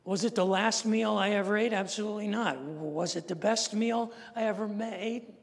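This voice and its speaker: A man's voice: high voice, steady tone, moderate pace, vocal fry. A man in his sixties, a pastor, telling a story in a sermon and acting out the people in it. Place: church sanctuary. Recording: long reverb of a large church hall.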